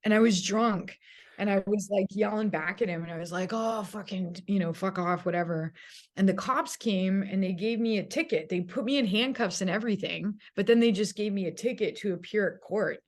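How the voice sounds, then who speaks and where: A woman's voice: medium pitch, fairly quick. A woman who is a guest on a casual chat, recalling old adventures and laughing often. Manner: laughing, animated recollection.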